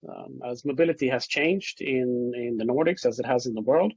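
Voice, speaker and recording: A man's voice: mid-range voice, normal speed, darkish tone, slightly rough, dry recording, dull audio. A man speaking on an online panel, fairly fluent with a few restarts, over a video call.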